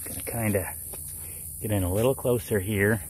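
A man chatting his way through a gardening demonstration outdoors. He explains each step in a relaxed, conversational way, often checking in with the listener. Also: fairly low pitch, normal speed, slight background noise. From Florida. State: muffled by a face mask. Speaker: gardening vlogger. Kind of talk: casual how-to vlog.

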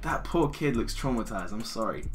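A young man chatting with strangers on a video chat site. He talks loudly and excitably, swears a lot, and keeps bursting into shouts. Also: medium pitch, moderate pace, faint music behind. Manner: loud, excitable and profane, breaking into shouts and laughter.

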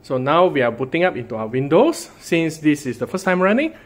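Male tech vlogger, relaxed chatty narration, slightly high pitch. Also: fairly quick. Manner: chatty, often starts with "so", hedges with "I assume". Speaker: tech reviewer. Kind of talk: casual product showcase narration.

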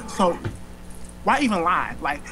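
A person from Oakland, California, talking in a sassy, put-on voice on a video chat call, cursing and firing back quick comebacks. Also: mid-range voice, sing-song, background noise. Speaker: stranger on a video chat app.

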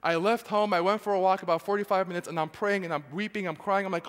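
A man's voice: high-pitched, steady tone, fast talker, few pauses, a bit bright. A man preaching a sermon to his congregation, emphatic, often putting questions to the listeners. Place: church sanctuary. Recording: church hall with long reverb.

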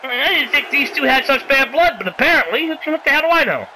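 Brief: playful, sarcastic game commentator with a high, crisp voice, pleading and shouting through a video game wrestling match. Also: a little fast, slight background noise, low-quality recording. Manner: excitable, pleads with the characters and yells at big moves; sarcastic asides and mild swearing.

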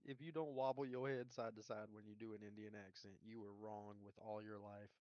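A man's voice: fairly low pitch, level tone, a little fast, darkish tone, no room sound, highs cut off. A man streaming a shooter game with friends, chatting casually into a headset mic and joking and trash-talking his teammates. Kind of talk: casual gaming chat.

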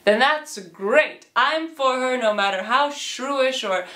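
A woman's voice: high-pitched, slow pace, bright, forceful tone, full character voice. A woman voicing Petruchio, a brash young nobleman in a homemade storybook retelling, who talks in an eager, pushy rush. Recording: echoey room.

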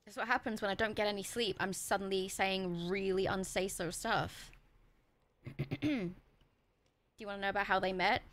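A woman streaming a video game live, chatting and joking in an excitable, foul-mouthed way as she plays. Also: medium pitch, moderate pace, pauses often. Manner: excitable, swears and jokes at the game. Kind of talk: live gameplay commentary.

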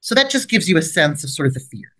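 A middle-aged woman giving an instructional training lecture on first aid for the mind, acting out short gentle approach lines in between. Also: sits low, fast talker. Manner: lively, rises sharply when acting out gentle approach lines. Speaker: trauma expert leading a training webinar. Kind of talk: instructional lecture with role-played examples.

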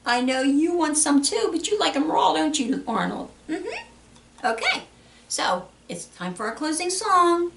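A woman hosting a children's storytime, reading aloud in an animated, sing-song way with playful animal sounds. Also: high voice, normal speed, few pauses, background noise. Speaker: children's librarian. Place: public library. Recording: echoey room, mic at a distance.

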